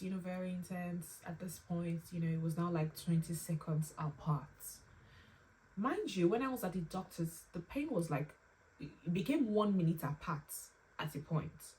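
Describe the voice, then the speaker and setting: A young woman telling her own painful story to camera, halting and close to tears, with pauses and restarts. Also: fairly low pitch, darkish tone. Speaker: vlogger sharing a personal story. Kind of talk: emotional personal storytelling. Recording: slightly distant mic with faint room ambience.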